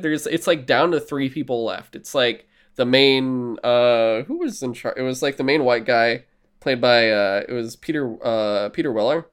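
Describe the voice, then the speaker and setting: A man talking casually on a podcast, recapping films in an animated, swearing style. His pitch sits in a plain middle range, and he jumps into little acted bits as he tells the story. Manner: animated, profane storytelling that acts out quotes. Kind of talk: casual movie chat.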